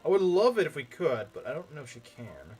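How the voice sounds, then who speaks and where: A man's voice: fairly high pitch, wildly swooping pitch, brisk, a little mellow, breathy edge, faint music behind. A young man commenting casually on a strategy game as he plays, rambling, repeating himself and making jokey asides to his chat. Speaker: let's play streamer.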